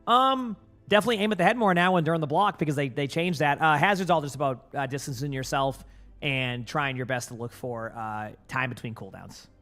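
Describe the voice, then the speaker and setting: A man's voice: fairly high pitch, brisk, fairly bright tone. A young man with a light Boston accent, a gaming streamer chatting casually with his viewers, rambling with lots of fillers and restarts. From Boston area.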